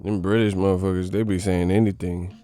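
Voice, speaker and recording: A man hosting a boxing channel livestream, chatting casually with slangy, profane banter and shout-outs to viewers. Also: deep voice, little pitch movement, a little fast, clear, resonant tone, dry recording. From California.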